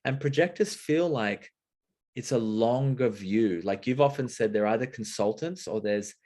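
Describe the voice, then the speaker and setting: A man's voice: mid-range voice, normal speed, darkish tone. A man speaking as a guest in a casual conversation, explaining things expressively and acting out little exchanges.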